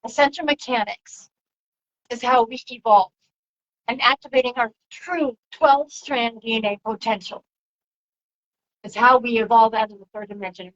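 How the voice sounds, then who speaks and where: On her own livestream, a spiritual channeler talks casually, soft and reflective, drifting from one thought to the next. Her pitch is fairly high, and the audio sounds dull.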